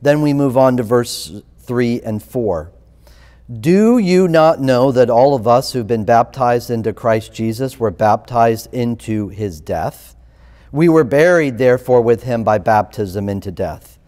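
Pastor, male, unhurried and emphatic sermon delivery with animated pitch swings, recorded in a reverberant sanctuary. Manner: emphatic, repeats rhetorical questions. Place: church sanctuary. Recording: long reverb of a church hall.

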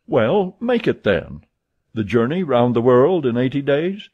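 A man voicing an excitable, easily annoyed gentleman card player who speaks insistently, with a husky voice on a dull recording. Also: medium pitch, a little slow, pitched above the performer's own voice. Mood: agitated.

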